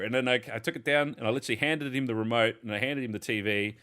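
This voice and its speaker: Swearing, animated man. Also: mid-range voice, quick pace, few pauses. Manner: animated swearing storyteller, acts out exasperation. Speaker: podcast host. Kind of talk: casual podcast chat.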